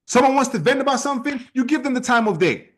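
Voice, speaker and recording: A man leading an online sales team training, talking in a forceful, repetitive, challenging way. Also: very high voice, animated, fast. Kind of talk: motivational training talk.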